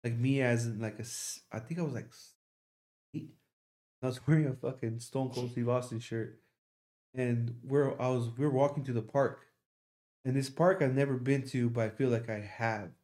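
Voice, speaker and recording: Young man, casual podcast chat, rambling storyteller, swears a lot, medium pitch. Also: steady tone, normal speed, darkish tone.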